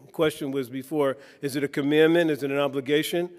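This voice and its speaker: A fast-talking keynote speaker holds a conference audience with anecdotes and jokes in a preacher's rhythm. His voice is a little high for a man and steady in tone, with the hall's long reverb trailing each phrase.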